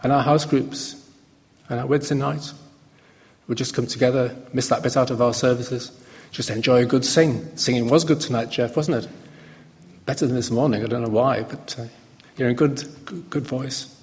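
A man preaching a sermon in a relaxed, conversational way, often pausing and restarting his sentences. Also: medium pitch. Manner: conversational, halting with fillers and restarts. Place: church hall. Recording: long hall reverb.

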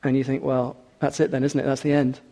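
Male preacher, mellow tone, expressive sermon delivery, echoing hall. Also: medium pitch, fast. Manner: expressive, rising for emphasis, drops quiet for scripture.

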